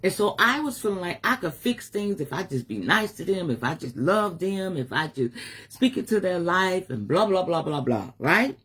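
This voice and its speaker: Middle-aged woman, spiritual advisor, open-hearted live-stream monologue with a breathy, husky edge. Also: fairly low pitch, sing-song, moderate pace, fairly bright tone. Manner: candid and emotional, swears casually.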